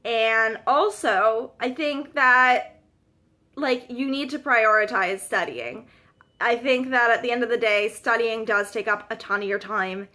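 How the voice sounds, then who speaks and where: A woman's voice: on the high side, unhurried, sharp tone. A Canadian woman in her twenties, chatting casually and self-deprecatingly to viewers of her live-stream vlog. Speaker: vlogger.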